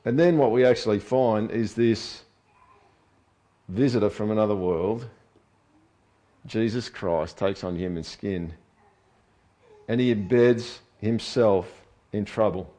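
Expressive male preacher. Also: lowish voice, slow, pauses often, poor audio. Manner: expressive, swings from hushed to loud and emphatic; asks listeners tag questions. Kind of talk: sermon.

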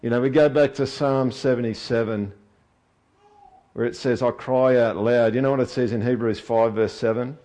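A man preaching a sermon, expressive, moving from hushed to loud and emphatic, often checking in with the listeners with short questions. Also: medium pitch, moderate pace, low-quality recording. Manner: asks listeners tag questions.

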